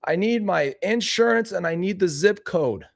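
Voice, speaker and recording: Man doing a doddering old man on the phone, pitched up high, flustered and calling offscreen. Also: animated, normal speed, gravelly, no echo, heavily acted. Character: doddering older man stalling a phone caller.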